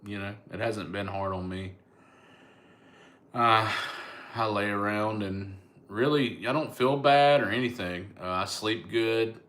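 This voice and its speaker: Laid-back Southern joker on a live stream; lowish voice, teasing chat-reader. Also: male voice, a little slow, a bit bright. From Alabama, US. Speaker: comedian and online host. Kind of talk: casual live-stream chat answering comments.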